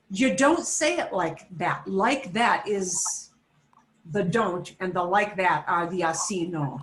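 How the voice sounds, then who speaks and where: A woman's voice: fairly low pitch, a bit bright, a little hiss or hum. A woman teaching a beginner Spanish lesson, explaining patiently step by step and mixing Spanish phrases into her English.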